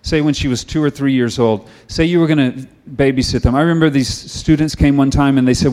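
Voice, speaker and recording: A middle-aged man delivering a sermon at an ordinary pitch. He speaks in a chatty, storytelling manner and later shifts into a softer, earnest tone as he leads prayer. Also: a little fast, hardly any pauses. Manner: conversational storytelling, then quiet earnest prayer. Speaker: preacher.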